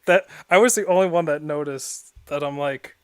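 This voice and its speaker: Young guy streaming, rambly and laughing at his own stuff, kinda high voice, dead dry sound. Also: normal speed, smooth, dry recording. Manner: rambling, laughs often, self-amused. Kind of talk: casual chat while gaming.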